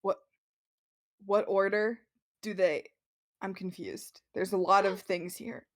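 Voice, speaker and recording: A woman's voice: mid-range voice, fairly even intonation, close to an everyday voice. A woman voicing a nervous young nobleman who stammers and restarts as he speaks. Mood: flustered. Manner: halting, stammering.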